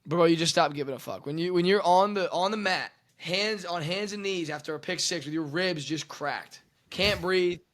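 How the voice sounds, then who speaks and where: A man's voice: high-pitched, normal speed, hardly any pauses, fairly bright tone. A young man, a former quarterback, talking in casual sports chat, emphatic and profane, often repeating words as he builds up. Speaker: podcast co-host, former quarterback.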